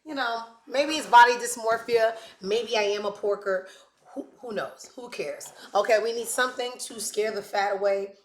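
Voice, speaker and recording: A woman's voice: on the high side, moderate pace. A woman hosting a gossip talk show, brash and sassy, full of joking asides. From West Indies. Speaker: host. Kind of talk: casual gossip commentary. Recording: echoey room.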